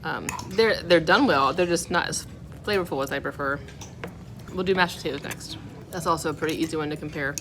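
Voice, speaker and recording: A woman's voice: low voice, fairly quick, music in the background. A woman food vlogger tasting dishes at a restaurant, talking candidly and scoring each one out of ten. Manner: chatty, candid, rates each dish out of ten. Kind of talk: casual food review. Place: restaurant dining room. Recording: restaurant background noise.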